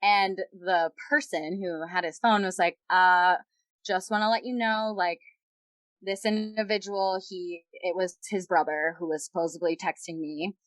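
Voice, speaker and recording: A woman's voice: on the low side, fairly even intonation, a little slow, a bit bright, no echo. A young woman guest on a podcast, candidly retelling a personal story with lots of quoted dialogue.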